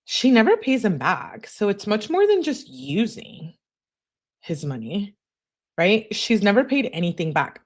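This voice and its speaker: A woman's voice: mid-range voice, big pitch swings, measured pace. A woman in the middle of her range, talking in a loose, casual way as she reacts to what she reads. She is blunt and sarcastic, dropping slangy asides between the passages she reads aloud. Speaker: true-crime commentator. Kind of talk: casual reaction commentary, reading texts aloud.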